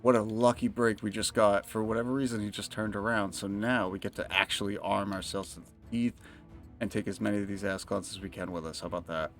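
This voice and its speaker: A man's voice: on the low side, fairly even intonation, fairly quick, faint music behind. A young man livestreaming a game, telling rambling, profane stories and laughing often. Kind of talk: casual chat while gaming.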